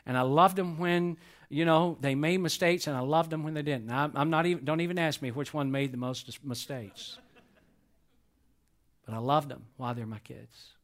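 Preaching man, loud peaks and hushed lows. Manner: swings between loud emphatic peaks and soft hushed lows. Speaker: pastor. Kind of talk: sermon. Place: church sanctuary.

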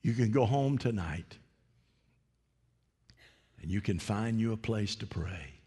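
A male preacher delivering a sermon, swinging from hushed whispers to loud, rising exclamations. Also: fairly low pitch, lively intonation, slow, husky, big-room sound.

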